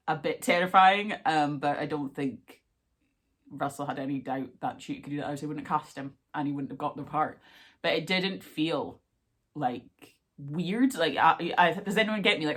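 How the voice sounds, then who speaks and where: A young woman with a notably low voice rambles excitedly through a casual reaction vlog, dropping fillers and asides as she goes. Her delivery is chatty and animated. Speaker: vlogger.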